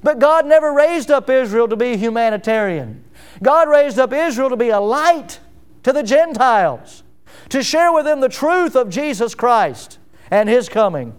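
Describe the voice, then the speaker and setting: A middle-aged pastor preaching a sermon, emphatic, with rhetorical questions and sudden drops to a hush. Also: male voice, very high-pitched, big pitch swings, moderate pace, smooth.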